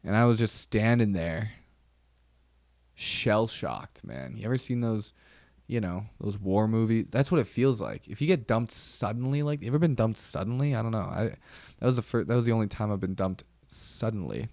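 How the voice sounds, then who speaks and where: A man's voice: on the low side, expressive, normal speed, a little mellow, dry recording. A young man hosting a podcast, telling wry stories in a rambling, casual way with lots of fillers. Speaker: podcast host. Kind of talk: casual solo chat.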